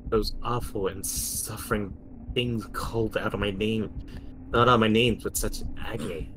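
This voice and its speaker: A man's voice: on the low side, fairly even intonation, moderate pace, a bit bright, slight background noise. A man dramatically reading a first-person horror story. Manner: dramatic, acting out fear and desperation.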